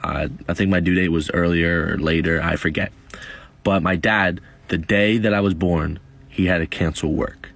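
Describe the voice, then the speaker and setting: A man in his twenties speaks in a deep, gravelly voice with a husky edge. He tells his story haltingly and stumbles over a few words. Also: steady tone, a bit bright, no room sound. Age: 20s. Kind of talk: casual storytime.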